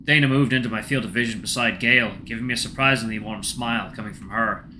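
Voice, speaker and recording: A man hosting a gaming channel, reading a game's first-person story aloud in a hushed, tense way. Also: medium pitch, a little hiss or hum.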